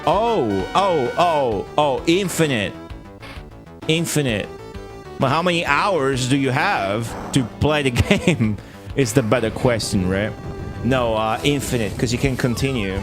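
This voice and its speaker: Slow-talking man streaming a game. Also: lively intonation. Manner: rambling, profane, laughs often, bursts into high exclamations. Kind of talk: live gameplay stream chatter. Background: game music.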